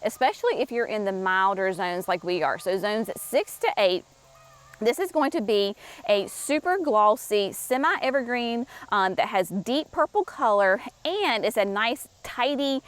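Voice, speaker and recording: A woman's voice: mid-range voice, animated, unhurried. A woman presenting shrubs at a garden nursery, talking chattily and enthusiastically straight to her viewers. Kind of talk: casual product walkthrough for viewers.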